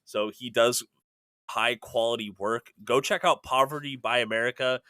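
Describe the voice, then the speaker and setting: A man hosting a casual sports podcast, upbeat and smooth as he chats and reads plugs into a close microphone. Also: medium pitch, steady tone, normal speed, sharp tone, no echo. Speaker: podcast host.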